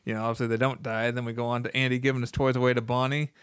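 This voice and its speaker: A man's voice: mid-range voice, little pitch movement, rapid-fire, clean tone, no room sound, studio quality. A man in his thirties co-hosting a casual podcast chat, recounting eagerly with many fillers. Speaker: podcast co-host.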